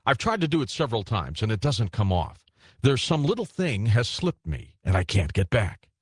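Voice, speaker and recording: A man's voice: fairly low pitch, sing-song, normal speed, breathy edge, no echo, studio quality. A man voicing a timid, awkward young male ghost who answers meekly and apologetically. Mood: apologetic. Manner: meek, apologetic, hesitant.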